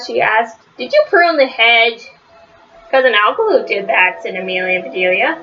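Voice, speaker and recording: Bright-voiced woman reading a storybook aloud. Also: normal speed, dull audio. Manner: lively read-aloud, rises high for quoted shouts. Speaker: storybook reader. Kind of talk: children's read-aloud.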